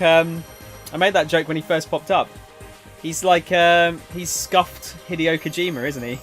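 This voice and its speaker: A man's voice: a little high, fairly bright tone. Chatty man streaming a game. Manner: chatty, jokey, asks chat for input. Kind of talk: casual let's-play commentary.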